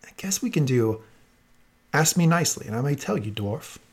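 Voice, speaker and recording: A man co-hosting a podcast in a relaxed, agreeable casual chat, leading the segment. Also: medium pitch, normal speed. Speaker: podcast co-host.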